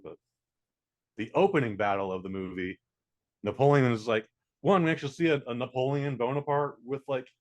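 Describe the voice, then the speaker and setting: Male podcast co-host, rambling casual movie talk full of fillers, mid-range voice. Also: mid-range voice. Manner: rambling, lots of fillers and restarts. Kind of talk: casual movie review chat.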